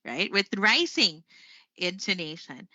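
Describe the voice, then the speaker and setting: A woman's voice: medium pitch, sing-song, takes it slowly, pushed and bright, dry recording. A woman from the Philippines teaching English online, chatty, with frequent fillers and self-corrections. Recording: dry, slightly muffled sound.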